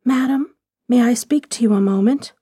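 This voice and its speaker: A woman's voice: on the high side, unhurried, darkish tone, dry recording, clean studio sound. A woman reading aloud and voicing a poor, thin young woman who pleads timidly in a sighing, stammering voice.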